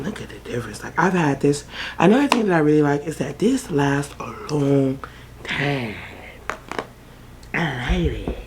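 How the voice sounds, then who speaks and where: A woman's voice: sits low, background noise. A woman vlogger chatting casually through a makeup haul, swearing freely and breaking into song now and then.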